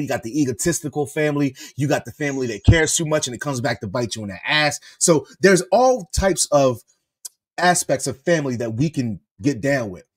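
A man co-hosting a wrestling review podcast, chatting in an animated way and laughing often. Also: fairly high pitch. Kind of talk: casual podcast chat.

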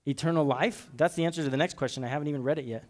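A man's voice: on the high side, very fast, a little mellow. A man giving a children's message in church, reading a story and leading the kids in call-and-response. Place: church sanctuary.

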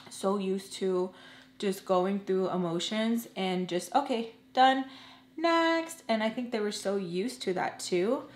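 A woman in her twenties telling a personal story in a casual storytime vlog, earnest and emotional, halting with lots of "like" and restarts. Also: mid-range voice, fairly even intonation, a little mellow. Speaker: storytelling vlogger. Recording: roomy room with faint hum.

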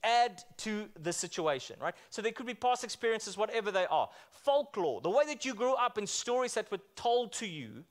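A man's voice: high voice, big pitch swings, normal speed, hardly any pauses. A man preaching a church sermon in a conversational way, often asking the congregation questions and repeating himself as he restarts. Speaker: pastor.

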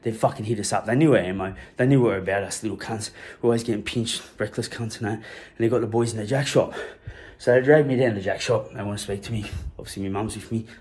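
A man's voice: fairly low pitch, steady tone, fast talker, a little mellow. A man with an Australian accent, telling a personal story in a rambling, slang-heavy way full of swearing. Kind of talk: casual anecdote telling.

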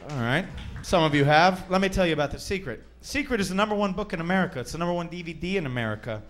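A man's voice: fairly high pitch, expressive, racing. Brash man doing stand-up. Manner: brash, crude, teasing the audience. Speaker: stand-up comedian. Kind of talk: stand-up comedy set. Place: comedy club stage.

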